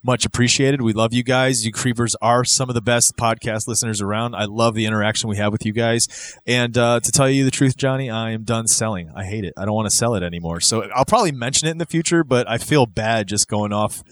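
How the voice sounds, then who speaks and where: A man co-hosting a podcast, reading a club-membership pitch in a mock-grand announcer voice, then chatting casually and rambling. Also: fast. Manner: playful, hammy announcer delivery when reading, loose and rambling when chatting. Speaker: podcast co-host.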